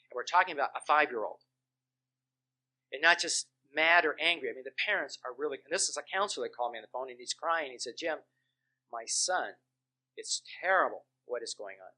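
A man's voice: fairly high pitch, sharp tone. A man who is a Christian minister and counselor, preaching with testimonies in an earnest storytelling way and leaning hard on key words. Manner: earnest storytelling with emphatic stresses.

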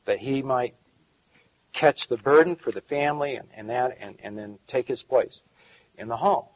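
A man's voice: mid-range voice, normal speed, highs cut off. A middle-aged man preaching a sermon as pastor, in a folksy style with chuckles and asides.

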